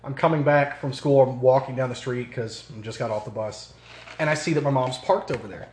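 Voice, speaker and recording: In a casual chat recorded in a suburban basement, a podcast co-host laughs and swears his way through family anecdotes. His mid-range, darkish voice moves fairly quickly, and the recording has a roomy basement echo and faint hiss.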